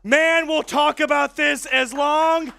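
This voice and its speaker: A man hosting a live sports stream, excitedly shouting as he reads out viewer super chats. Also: extremely high pitch, takes it slowly, gravelly, faint music behind. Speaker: sports show host.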